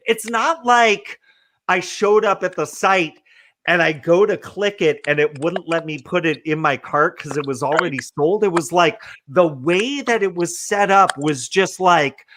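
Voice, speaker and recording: A man hosting a casual podcast chat, ranting in an animated, profane way with lots of fillers. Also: high-pitched, a little slow, a little hiss or hum. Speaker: podcast host.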